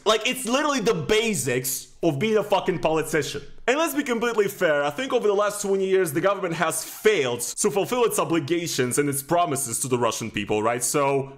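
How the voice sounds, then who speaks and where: A man reacting to videos as a streamer, exasperated and sarcastic, swearing often. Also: on the high side.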